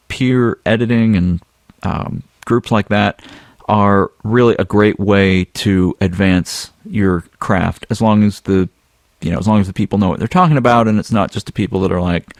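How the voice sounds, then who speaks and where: A man co-hosting a podcast, relaxed and chatty with plenty of ums and uhs. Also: on the low side, normal speed, no room sound, clean studio sound. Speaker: podcast co-host. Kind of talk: casual podcast chat.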